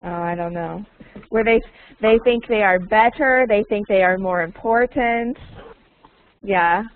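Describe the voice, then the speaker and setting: A woman with a mid-range, unhurried voice teaches an online English lesson to a small group over a video call, heard through a computer mic on a tinny line. She patiently repeats and models phrases and laughs often.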